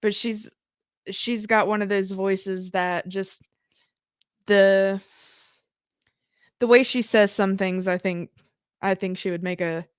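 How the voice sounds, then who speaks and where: A woman co-hosts a live radio podcast and keeps restarting her phrases as she talks. Her pitch sits in the middle, and the recording is dry and close. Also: steady tone, slow, long pauses, smooth, dry recording. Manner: hesitant, stop-start, many restarts. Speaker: podcast co-host. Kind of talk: casual live radio chat.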